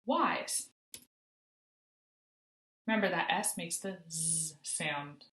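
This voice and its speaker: A woman teaching a phonics lesson to young children, sounding out letters slowly and praising often. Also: mid-range voice, expressive, roomy sound. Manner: encouraging, sing-song praise, slow sounding out of letters. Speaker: kindergarten teacher.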